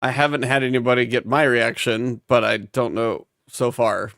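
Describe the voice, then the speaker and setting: Male podcast co-host, gravelly voice, easygoing rambling delivery, dry close mic. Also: mid-range voice, fairly even intonation, normal speed, fairly bright tone, no echo. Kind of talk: casual podcast chat.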